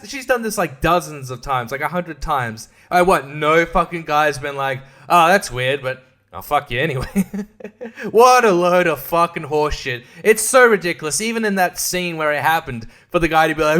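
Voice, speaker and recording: A man with a fairly high voice rants about a movie on his podcast. He swears freely, laughs at his own jokes and mocks the characters with quick, sarcastic impressions. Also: a bit bright. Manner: sarcastic, mocking impressions, profane, laughs often. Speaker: podcast host. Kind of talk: casual film review rant.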